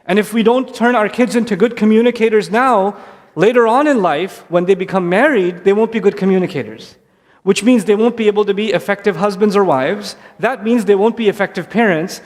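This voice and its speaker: A man's voice: high-pitched, fairly quick. Man giving a talk in a reverberant hall. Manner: conversational, animated, acts out kids and parents. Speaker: speaker addressing parents. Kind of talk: religious talk to families. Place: hall before an audience.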